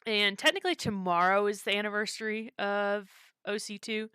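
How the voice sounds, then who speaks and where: A woman's voice: mid-range voice, fairly even intonation, normal speed, sharp tone, clear, resonant tone, dry recording. A woman hosting a live stream, chatting casually and rambling with lots of fillers. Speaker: streamer and server host.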